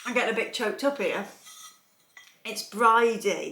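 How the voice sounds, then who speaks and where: A woman's voice: on the high side, a little slow, sharp tone, echoey room. A woman vlogging as she unboxes a gift, chatting casually, gushing and laughing often. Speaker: soap maker vlogger.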